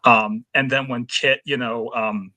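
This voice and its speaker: A man's voice: medium pitch, fairly even intonation, unhurried, sharp tone. A man co-hosting a podcast, talking about a film in an earnest, emotional way with plenty of fillers. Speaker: podcast co-host. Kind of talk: casual film discussion.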